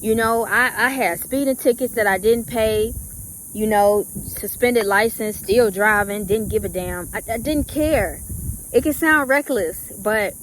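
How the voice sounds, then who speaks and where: Speaking to her viewers, a young woman who vlogs recounts something that happened to her, replaying her own reactions in a loose, drawn-out, conversational style full of fillers. Her voice sits in the middle range, and a little background noise can be heard.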